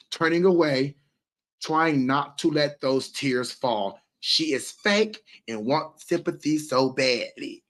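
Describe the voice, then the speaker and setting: A man with a fairly high, fairly bright voice hosts a casual livestream, reacting to viewer comments. His talk is emphatic and repetitive, and he swears freely.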